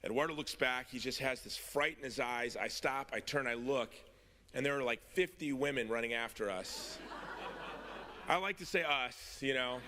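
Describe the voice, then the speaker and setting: A man's voice: medium pitch, normal speed, pushed and bright, slight background noise. A man giving a convention speech, telling stories with self-mocking humor. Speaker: convention speaker. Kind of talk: storytelling speech. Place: convention hall. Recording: long reverb of a hall.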